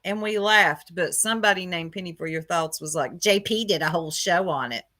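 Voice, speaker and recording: A woman's voice: fairly low pitch, fairly quick, pushed and bright. A woman hosting a casual livestream, gossiping with chat and greeting viewers by name, laughing often. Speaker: livestream host.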